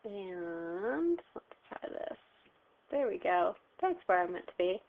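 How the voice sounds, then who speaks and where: A woman's voice: on the low side, very animated, takes it slowly, gravelly. A woman teacher walking students through a recorded math lesson, patient and step by step, asking questions and answering them herself. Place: home, phone heard behind. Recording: tinny phone-like sound.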